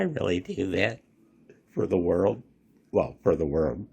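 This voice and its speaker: Gravelly, giggly ham radio guy. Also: sits low, big pitch swings, slow, pauses often, heavy background noise. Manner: giggly, silly, rambling, laughs often. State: strained throat. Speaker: amateur radio vlogger. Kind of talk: rambling casual monologue.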